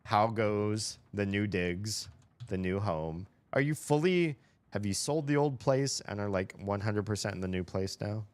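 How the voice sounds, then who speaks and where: The streamer is an American man whose fairly low-pitched voice stays unhurried. With a neutral General American accent, he rambles and thinks aloud while gaming, chatting casually with his livestream viewers.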